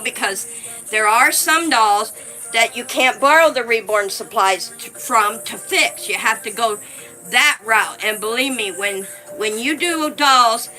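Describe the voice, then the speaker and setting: A woman with a slightly high voice, recorded in poor audio quality, hosts a casual live stream. She's chatty, thanks viewers by name, speaks warmly and fondly of her dolls, and frequently restarts her sentences.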